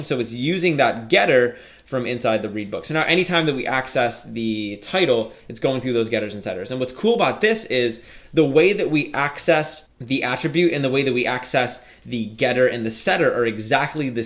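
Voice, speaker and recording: A man teaching programming in a relaxed, conversational way, walking viewers through code on his screen and speaking to them as "you guys". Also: medium pitch. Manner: casual explanatory walkthrough, addresses viewers as "you guys". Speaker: programming instructor. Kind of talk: screen-recorded coding tutorial.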